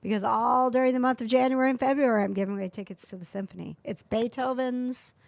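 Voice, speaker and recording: Woman host, Wisconsin accent, heavy vocal fry, dry studio mic, easygoing banter. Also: a little high, fairly even intonation, no echo. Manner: chatty, quick to laugh. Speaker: radio show host. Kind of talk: casual studio chat.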